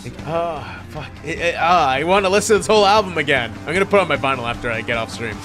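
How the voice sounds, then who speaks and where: A man streaming live, talking casually about an album he loves, excitable and swearing often, swinging between hushed and loud. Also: fairly high pitch, rapid-fire, over music. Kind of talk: casual livestream music commentary.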